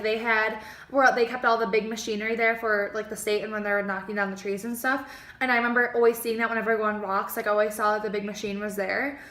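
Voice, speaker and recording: A young woman tells a story to her camera in a chatty, rambling way, filling her talk with "like" and acting out what she said at the time. Her voice sits a little high and sounds bright and sharp. The room around her is echoey. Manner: chatty, heavy use of "like", acts out her own past lines. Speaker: vlogger. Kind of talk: casual storytime.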